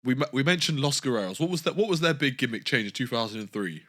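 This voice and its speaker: A young man co-hosts a casual wrestling chat podcast, laughing a lot, swearing freely and doing mocking impressions. He talks fast with a mid-range voice, lively intonation and a fairly bright tone.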